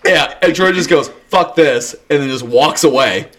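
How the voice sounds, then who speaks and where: A man's voice: fairly high pitch, normal speed, very noisy. A man telling a rambling, crude story in a casual podcast chat, laughing often as he goes. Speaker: podcast co-host.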